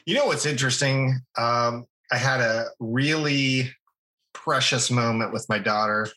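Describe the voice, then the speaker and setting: Bright-voiced man telling stories. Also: medium pitch, measured pace, poor audio. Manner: storytelling, animated. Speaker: podcast co-host. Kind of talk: casual podcast chat.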